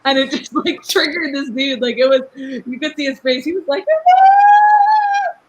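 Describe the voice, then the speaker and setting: Chatty outspoken young woman, bright voice. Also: high voice, lo-fi sound. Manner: fast, chatty, lots of "like" fillers; outspoken, laughs often. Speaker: guest, rapper. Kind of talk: casual podcast chat.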